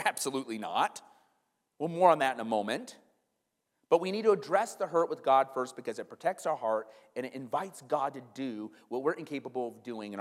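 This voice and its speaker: Earnest male pastor preaching in a hall. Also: mid-range voice. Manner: earnest, conversational preaching with rhetorical questions and acted-out quotes. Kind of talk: sermon.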